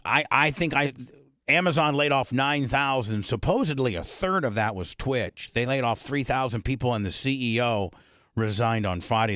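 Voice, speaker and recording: A man's voice: mid-range voice, a bit bright, no room sound. Brash male talk-radio host, blunt casual storyteller, dry close-mic sound.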